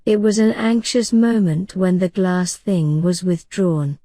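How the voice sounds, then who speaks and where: A woman narrating a bedtime storybook in a calm, gentle reading voice. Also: lowish voice, unhurried, dry recording. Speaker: audiobook narrator.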